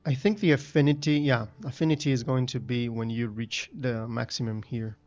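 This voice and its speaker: A man's voice: mid-range voice, steady tone, normal speed, a little mellow. A man hosting a gaming channel, thinking aloud as he plays through a game. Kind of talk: let's play commentary. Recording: dull lo-fi recording with faint game music.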